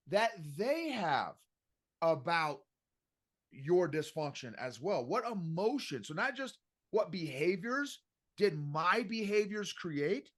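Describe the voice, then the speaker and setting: A middle-aged man coaching on emotional intelligence as a podcast guest, talking in an animated, emphatic way and repeating his points. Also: on the high side. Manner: animated and emphatic, repeats phrases, says "bro". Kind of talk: casual podcast interview.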